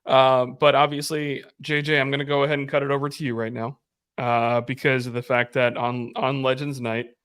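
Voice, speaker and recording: A man's voice: medium pitch, level tone, normal speed, fairly bright tone, clear, resonant tone, dry recording, studio quality. A man hosting a sports fan podcast, speaking casually with many fillers and handing the floor to a co-host. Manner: hesitant, many ums and uhs, hands the floor over.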